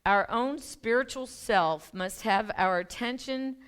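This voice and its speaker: Chatty woman minister with a smooth voice. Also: on the high side, slow, a bit bright. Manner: chatty, laughing asides, many restarts and ums. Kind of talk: casual conversational sermon. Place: church sanctuary.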